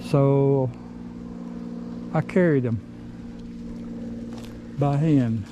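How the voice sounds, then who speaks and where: A man's voice: mid-range voice, noisy background. Winded middle-aged man talking outdoors. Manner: rambling, plain-spoken, pauses and restarts. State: out of breath. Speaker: vlogger. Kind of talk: casual outdoor work vlog. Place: outdoors in woods.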